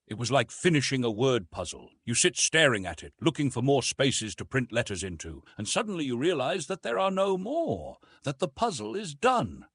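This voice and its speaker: A man reading a science-fiction audiobook aloud in an expressive, storytelling way. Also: mid-range voice, normal speed, hardly any pauses, husky, no echo. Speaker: audiobook narrator. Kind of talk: scripted audiobook narration.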